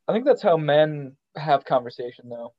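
A man co-hosting a podcast in casual chat, joking and halting with frequent restarts. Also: on the high side, lively intonation. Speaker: podcast co-host. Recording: dull lo-fi sound.

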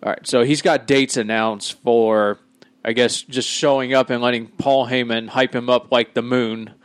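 A man in the middle pitch range co-hosting a wrestling podcast, running through the news in a brisk, wry way. His voice is recorded dry and close. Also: fairly even intonation, smooth, no echo. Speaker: podcast co-host reading news segment. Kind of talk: casual wrestling chat and news rundown.

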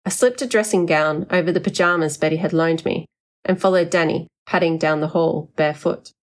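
A woman narrating a first-person audiobook story in a wry, expressive way. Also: on the low side, a little fast.

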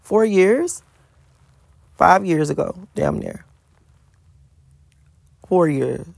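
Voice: medium pitch, huge pitch swings, very slow, creaky, no room sound, clean studio sound. An adult vlogger with school-age kids, talking bluntly and profanely in a casual storytelling monologue, repeating words for emphasis.

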